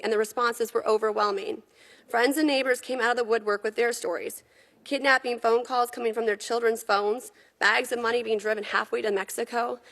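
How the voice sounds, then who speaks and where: A mother giving testimony, reading a prepared statement in an earnest, measured way. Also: on the high side, a bit bright.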